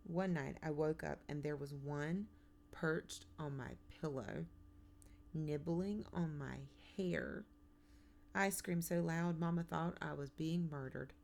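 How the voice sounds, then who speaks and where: A woman reading a first-person children's novel aloud in a measured, plain storytelling manner. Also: low-pitched, gravelly, darkish tone, a little hiss or hum. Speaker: audiobook narrator. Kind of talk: first-person audiobook narration.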